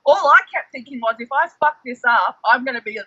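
Excitable man, bright tone. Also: extremely high pitch, a little fast, breathy edge, dry recording, muffled recording. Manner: excitable, animated storyteller, fillers like "like". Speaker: guest, former reality show contestant. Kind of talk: casual chat.

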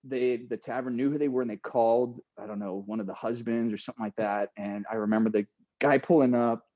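A middle-aged man casually retelling a story, animated, laughing now and then and acting out what people said. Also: medium pitch, brisk, dry recording, dull audio. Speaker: guest telling a story.

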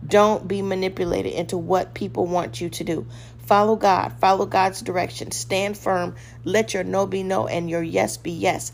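A woman's voice: medium pitch, steady tone, normal speed, gravelly, slight background noise. A woman giving a short devotional sermon, firm and exhorting, repeating short commands. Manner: acts out a weak, hesitant voice when giving examples. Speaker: devotional podcast host.

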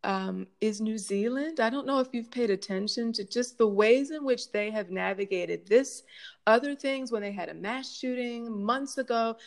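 Middle-aged woman educator, slightly high voice, reflective and impassioned, asks rhetorical questions. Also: normal speed. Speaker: guest speaker, college educator. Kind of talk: conversational Q&A answers.

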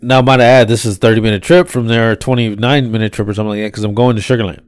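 A man's voice: fairly low pitch, very fast, clear, resonant tone. A man casually telling rideshare stories as a podcast co-host, swearing freely and acting out his passengers' voices. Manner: animated, acts out passengers' voices. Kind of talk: casual storytelling with profanity.

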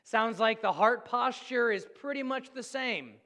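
A man preaching a sermon as pastor, earnest and storytelling, swinging between loud and hushed. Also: very high voice, unhurried, in a large hall.

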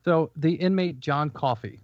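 A man co-hosting a podcast, talking earnestly and deliberately, with pauses. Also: fairly high pitch, muffled recording, slight background noise. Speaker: podcast co-host. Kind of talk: casual chat.

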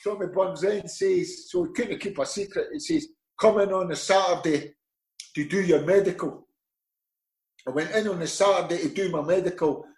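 A middle-aged man with a Scottish accent, a former footballer telling animated anecdotes in an interview, acting out the voices in them. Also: high voice, normal speed, roomy sound, low-quality recording. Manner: lively, animated storyteller acting out dialogue. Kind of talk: anecdotal storytelling.

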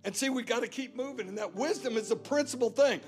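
A man's voice: extremely high pitch, fast, faint music behind. A man preaching a sermon as guest pastor, emphatic and repetitive, driving points home again and again. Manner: emphatic preaching with repeated phrases. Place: church.

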